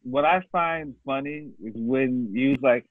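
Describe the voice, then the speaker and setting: A man joking and laughing through a comedy set on a video call, full of quick bursts of high mocking voices. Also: dry recording. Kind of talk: casual banter. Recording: tinny phone-like call audio.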